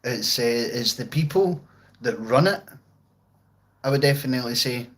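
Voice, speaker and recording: Here the Glasgow-outskirts streamer sounds expressive and a bit bright, talking at a normal speed in his mid-range voice. Sitting at home with his guitar and amp, he reads viewers' comments in a laid-back, sweary, joking ramble, though the audio is poor.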